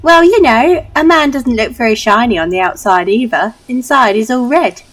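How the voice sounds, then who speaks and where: A woman doing a high, stubborn young child. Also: moderate pace. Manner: childish, insistent, lively.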